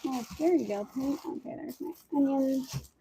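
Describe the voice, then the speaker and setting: A woman whose voice sits high, with a dark tone and a normal speed, chats casually to camera from inside her home. As a homestead lifestyle vlogger, she sorts her harvest and handles chores, talking aloud to viewers and herself, and there's a little hiss or hum in the recording.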